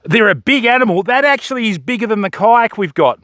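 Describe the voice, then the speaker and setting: An excitable Australian man commentates a live stream outdoors by a river, talking straight to his viewers as fam and mate. His voice sits high for a man. The sound is dry and close, with no room around it. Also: fairly quick, no room sound. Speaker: fishing livestreamer.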